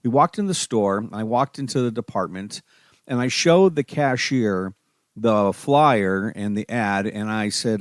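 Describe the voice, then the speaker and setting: A middle-aged man hosting a parenting podcast, telling a personal story and giving advice in a calm, steady manner. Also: mid-range voice, a little slow, clear, resonant tone, no room sound, studio quality. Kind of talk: solo podcast talk.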